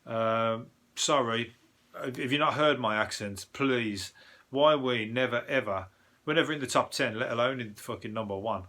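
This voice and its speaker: Sweary Birmingham comedian, bright voice. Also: male voice, medium pitch, moderate pace. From England. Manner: rambling, sweary, joking asides with frequent fillers. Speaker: comedian and podcast host. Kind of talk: casual news review chat.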